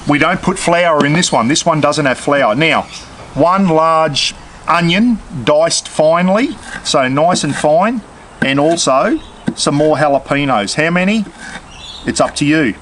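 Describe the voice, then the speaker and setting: A man's voice: fairly high pitch, animated, moderate pace, fairly bright tone, slight background noise, low-quality recording. A man with an Australian accent hosting a casual cooking demonstration, chatting straight to his viewers as he cooks outdoors. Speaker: cooking channel host.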